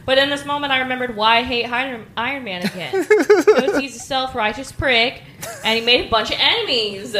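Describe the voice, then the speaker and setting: A woman with a bright, forceful voice pitched a little high, chatting on a casual podcast. She is blunt and opinionated, never holding back. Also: animated, fairly quick. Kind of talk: casual chat.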